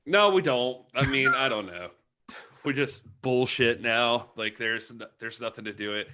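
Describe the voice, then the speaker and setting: A man hosting a casual live online chat over a video call, self-deprecating and quick to giggle. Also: mid-range voice, bright, forceful tone. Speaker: host.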